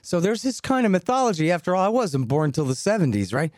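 A man's voice: high-pitched, fast talker, dry recording, clean studio sound. A man in his fifties hosting a casual political interview, telling stories animatedly. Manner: animated storytelling with voiced quotes. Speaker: host.

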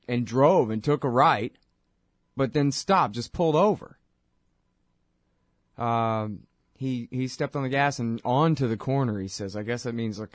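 A man's voice: medium pitch, no echo, studio quality. A man hosting a video commentary, talking in a casual, conversational way with fillers. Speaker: host.

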